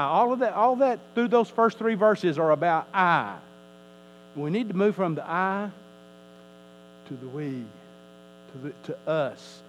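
A man's voice: sits high, a bit bright, muffled recording. A male pastor preaching a sermon, emphatic, his voice rising and falling, often repeating words as he teaches.

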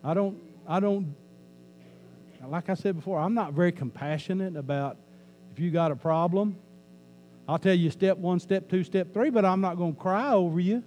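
A man delivering a church sermon, his voice fairly high yet mellow and warm. He talks to the congregation in a loose, joking way and repeats his key lines for emphasis. A faint hum sits under the recording. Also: moderate pace. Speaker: pastor.

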